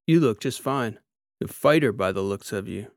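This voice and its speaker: Brief: relaxed wisecracking cyborg guy, a narrator puts him on, gravelly and dry. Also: lowish voice, moderate pace, no room sound. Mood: friendly. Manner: easygoing, joking. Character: half-metal male cyborg mechanic, easygoing joker.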